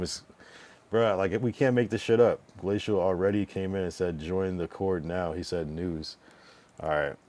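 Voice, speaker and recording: A man casually chatting on his live stream, rambling and relaxed, with a lot of fillers and swearing. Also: sits low. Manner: laid-back, rambling, heavy use of fillers and swearing.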